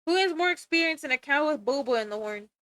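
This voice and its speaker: A woman's voice: high-pitched, animated, fast, sharp tone, dry recording. A young woman streamer chatting casually while drawing, rambling and giggling, with casual swearing.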